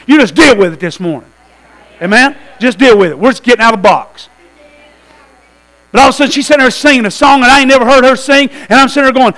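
A man preaching a sermon to a church, telling a story with lively asides and calls to the congregation. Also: extremely high pitch, fast, rough recording. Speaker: pastor.

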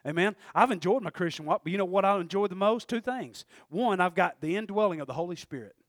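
A man's voice: high-pitched, fast talker, dry recording, studio quality. A man preaching a sermon in a loose, conversational way, laughing often and acting out quoted voices.

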